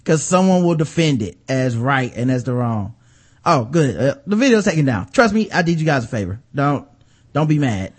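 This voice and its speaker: Animated, sarcastic male podcast host. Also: mid-range voice, moderate pace, breathy edge. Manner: profane, sarcastic, animated storyteller. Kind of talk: casual chat.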